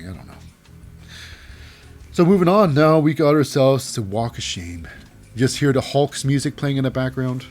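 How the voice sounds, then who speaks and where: A man's voice: on the high side, darkish tone. A man casually recapping a wrestling show in a rambling, chatty way with many fillers.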